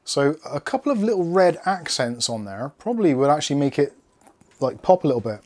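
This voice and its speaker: A man's voice: fairly high pitch, sing-song, brisk, a little mellow. Rambling Englishman chatting through an unboxing. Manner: rambling, jokey, talks to pets and chat. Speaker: tech video host. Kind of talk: casual unboxing chat.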